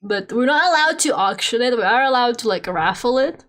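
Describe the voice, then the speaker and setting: Young woman, Russian accent, high voice, casual stream chat, laughs and swears, soft music underneath. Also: fairly quick. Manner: animated, swears a lot, laughs often. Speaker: VTuber streamer. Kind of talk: casual live-stream chat while drawing. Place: home room.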